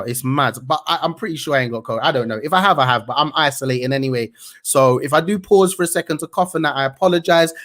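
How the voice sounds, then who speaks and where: Slangy man ranting on the news. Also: on the high side. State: slight cough. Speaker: news show host. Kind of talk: casual news commentary.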